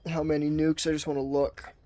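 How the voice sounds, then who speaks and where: A man's voice: on the high side, little pitch movement, brisk, mellow. A man giving casual gameplay commentary, laid-back, swearing and saying bro. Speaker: gamer.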